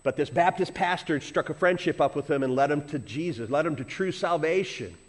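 A middle-aged man delivers a sermon as pastor. His voice sits a little high for a man, and he tells stories with animated swings between loud emphatic lines and hushed asides. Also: fairly quick. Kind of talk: sermon with personal story.

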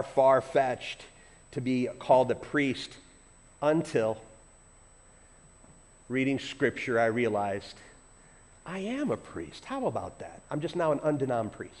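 A middle-aged man preaching a sermon as a pastor, telling a personal story, swinging from loud emphasis to quiet asides. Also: mid-range voice.

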